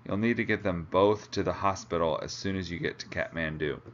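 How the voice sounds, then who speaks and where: A calm, matter-of-fact male expedition leader who speaks firmly, read aloud by a man. His voice is low. The recording sounds dull and lo-fi. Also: brisk, slight background noise, natural voice.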